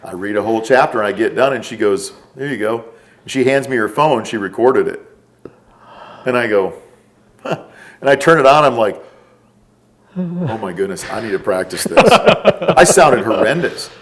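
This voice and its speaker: A middle-aged man, a podcast guest, telling stories casually and quoting the people in them. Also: on the low side. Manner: relaxed, drawn-out storytelling with quoted dialogue. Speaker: podcast guest, former special forces operator. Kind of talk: casual storytelling.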